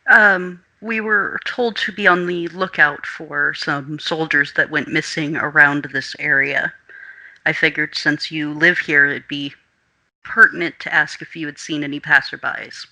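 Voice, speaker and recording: Man player, in-character, very bright tone, higher voice. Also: steady tone, measured pace, low-quality recording. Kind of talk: in-character tabletop role-play.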